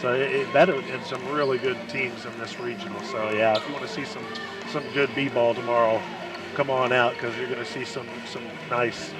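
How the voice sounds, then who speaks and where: Easygoing color commentator. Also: male voice, medium pitch, level tone, loud music behind the voice. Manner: easygoing, halting, with restarts and laughs. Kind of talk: casual sports banter. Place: school gym.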